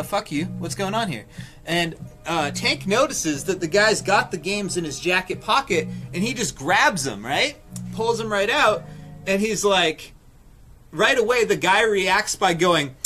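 A young man streamer telling a story casually, swearing and acting out quotes. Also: sits high. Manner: animated, swearing, acts out quotes with laughs.

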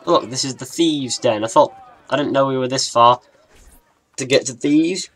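A young man with a mixed northern and southern English accent, giving rambling, excitable let's play commentary. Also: mid-range voice, moderate pace. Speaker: gaming YouTuber.

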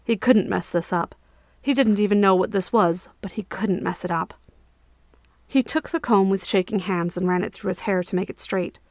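A woman narrating a fantasy story as an audiobook, with a steady, expressive reading. Her pitch sits in the middle, and the recording is dry and close with no room sound. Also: moderate pace, no room sound.

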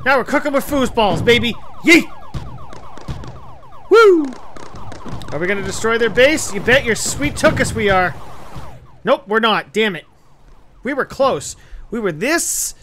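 Brief: excitable man narrating gameplay, lively swooping pitch, unhurried delivery, cursing freely. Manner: excitable, profane, swinging between shouts and mutters. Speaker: gaming video host. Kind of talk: live gameplay commentary. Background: game music.

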